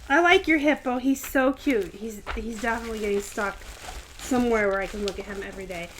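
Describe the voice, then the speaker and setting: A woman's voice: fairly high pitch, fairly quick, a little hiss or hum. Gushing, giggly woman hosting a live stream. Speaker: host of a reselling channel, live show. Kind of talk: casual live-stream unboxing chat.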